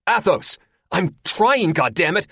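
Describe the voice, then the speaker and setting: A man voicing a tense, profane male fighter-jet weapons officer who shouts over the comm in an audiobook. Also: on the high side, big pitch swings, moderate pace, dry recording, studio quality, pitched above the performer's own voice. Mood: shouting. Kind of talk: audiobook character voice.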